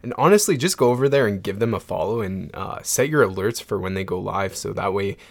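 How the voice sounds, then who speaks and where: Male podcast host, young adult, lowish voice, easygoing chatty delivery. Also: brisk, gravelly. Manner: relaxed, filler-heavy, upbeat. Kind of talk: casual podcast chat.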